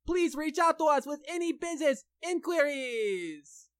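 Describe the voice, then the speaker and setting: Woman co-host, comedy podcast; very high voice, brash and boastful. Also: expressive, measured pace. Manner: brash boastful banter, over-the-top. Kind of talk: mock trash-talk comedy podcast.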